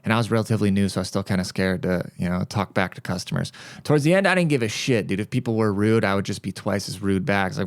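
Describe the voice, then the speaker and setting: A male podcast host rants casually, telling stories in a blunt and profane way. His voice is clear and smooth, at a middle pitch for a man, recorded dry and close. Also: fast, dry recording. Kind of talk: casual rant monologue.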